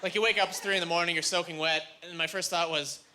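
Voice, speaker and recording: High-voiced man doing stand-up. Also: fast talker. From Canada. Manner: animated storytelling, jumps high for quoted voices. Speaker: stand-up comedian. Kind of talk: stand-up set. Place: comedy club stage. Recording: live club recording, audible room noise.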